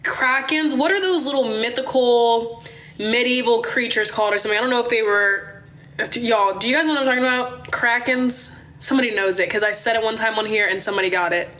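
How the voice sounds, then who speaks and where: Chatty young woman from Maryland, animated. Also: a little high, fairly quick. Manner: animated, chatty, swears, addresses viewers as y'all. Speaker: livestream host. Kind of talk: casual livestream storytelling. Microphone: phone.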